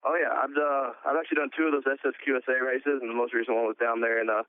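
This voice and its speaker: A man's voice: medium pitch, very fast, dry recording. A man in a phone interview who races ATVs, in the middle of his range. He talks loosely and leans on fillers. The line is thin and tinny, with no room sound at all. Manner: relaxed, plain-spoken, many "uh" fillers. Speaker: pro ATV motocross racer.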